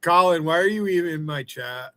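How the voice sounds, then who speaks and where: A man's voice: fairly high pitch, a little fast, crowd noise, low-quality recording. A man hosting a livestream chat, swearing heavily and taunting a viewer in profane trash talk. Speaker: livestream host.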